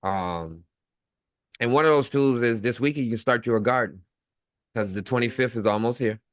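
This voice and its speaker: A man's voice: mid-range voice, moderate pace, no room sound, studio quality. A man co-hosting a casual online talk show, talking in a rambling way with lots of fillers and chuckles. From Midwest United States. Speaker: co-host. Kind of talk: casual livestream chat.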